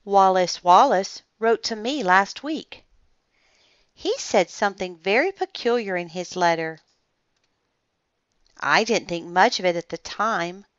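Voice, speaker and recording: A woman doing a soft, trembly nervous writer. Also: medium pitch, no room sound, lo-fi sound, lightly acted.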